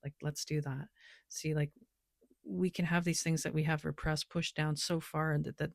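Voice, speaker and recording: A woman's voice: sits low, little pitch movement, normal speed, gravelly, no echo, clean studio sound. A woman who reads tarot and oracle cards, talking loosely and rambling with lots of filler words in a casual spiritual vlog. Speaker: tarot and oracle card reader.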